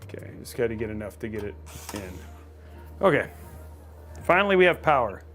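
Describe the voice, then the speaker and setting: A man's voice: medium pitch, very animated, fairly quick, a bit bright, faint music behind. A man hosting a livestream PC build, chatting casually and joking about himself, with lots of "like"s. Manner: self-deprecating, joking, talks with many "like"s. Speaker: host.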